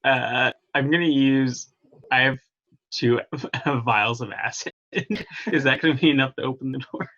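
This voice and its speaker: A man in a tabletop game tentatively asks what his adventurer can try next. His voice is bright and forceful, and the audio comes through a little dull and lo-fi. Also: medium pitch, a little slow. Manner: tentative, questioning. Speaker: player. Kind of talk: casual tabletop play.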